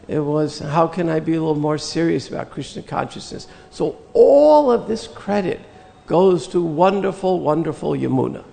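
An older man telling a personal spiritual story in an earnest, reflective way, with slow pauses. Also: a little high, creaky, a little mellow, in a large hall. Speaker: spiritual teacher recounting memories.

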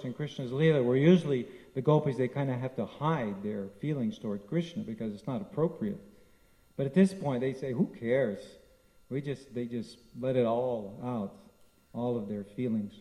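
A man giving a devotional talk, retelling scripture stories in a lively storytelling manner. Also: medium pitch, low-quality recording. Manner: storytelling, lively, frequent restarts. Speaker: spiritual teacher.

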